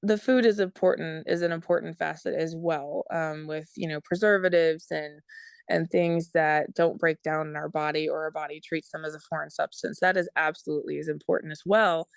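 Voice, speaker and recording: Low gravelly woman, earnest and explanatory. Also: fairly even intonation, brisk, no echo. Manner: earnest, many ums, explanatory. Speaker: guest, product consultant. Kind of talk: casual interview talk.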